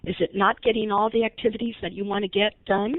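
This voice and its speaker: Quick and level in tone, her mid-range voice carries a conversational recorded webinar where this early intervention trainer poses questions to attendees. The dry recording has a tinny, phone-like quality.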